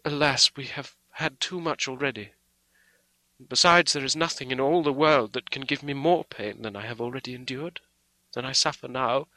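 A man's voice: a little high, pushed and bright, no echo, voice pushed up, low-quality recording. A man reading aloud, voicing a brave and sorrowful young woman who speaks earnestly and with resolve. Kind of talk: audiobook character voice.

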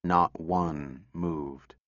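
A man narrating a story in a measured, steady way. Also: sits low, no echo, lo-fi sound. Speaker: audiobook narrator. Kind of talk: scripted narration.

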